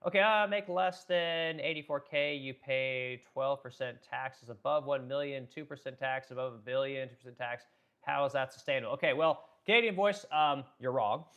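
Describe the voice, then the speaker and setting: A man's voice: mid-range voice, normal speed, a bit bright, smooth, muffled recording. A man hosting a livestream, talking bluntly and profanely in a rambling way, full of restarts, as he reads chat comments. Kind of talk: casual opinionated livestream talk.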